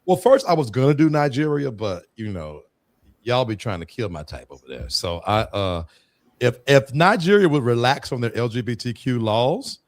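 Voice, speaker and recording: A man's voice: medium pitch, very animated, moderate pace. A man from the United States hosting a podcast, playful and teasing in casual chat. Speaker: podcast host.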